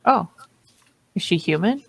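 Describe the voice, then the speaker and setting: A woman playing a tabletop role-playing game, chatting in a blunt, joking way and quick to swear. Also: lowish voice, expressive, creaky, husky. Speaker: player. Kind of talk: casual chat while playing a tabletop game.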